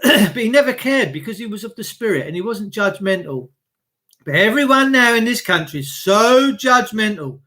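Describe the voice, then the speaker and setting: Blunt, high-voiced man ranting. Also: big pitch swings, moderate pace, pushed and bright. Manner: blunt, swearing, preachy, greets viewers by name. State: coughing, clearing throat. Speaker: livestream host. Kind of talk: casual livestream rant.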